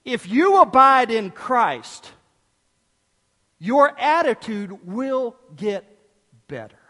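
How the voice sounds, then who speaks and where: High-voiced preacher in echoing church. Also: male voice, very slow. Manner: animated preaching, swinging from loud bursts to hushed tones. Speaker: pastor. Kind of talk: sermon.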